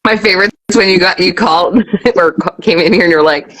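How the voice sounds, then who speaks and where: Woman with a lowish voice, a teasing friend in casual call chat. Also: fast, a bit bright, poor audio.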